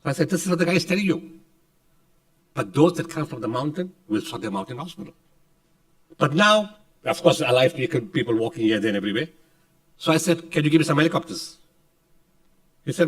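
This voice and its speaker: South African man, keynote speaker, dramatic storyteller, somewhat high voice, distant mic in a hall. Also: expressive, brisk, long pauses. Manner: dramatic, emphatic, acts out dialogue in lower voice. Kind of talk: storytelling speech. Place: conference hall.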